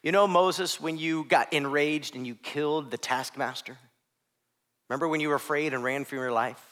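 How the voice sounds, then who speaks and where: A man doing a hushed, deep voice of God. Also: moderate pace, close to an everyday voice. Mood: tender, hushed. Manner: low, hushed and intimate. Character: God speaking gently and personally to a man.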